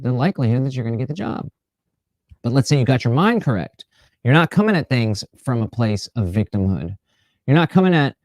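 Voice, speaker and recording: Mellow-voiced man hosting a motivational talk. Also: medium pitch, no room sound. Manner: lively, slips into mocking voices of imagined people. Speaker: livestream host.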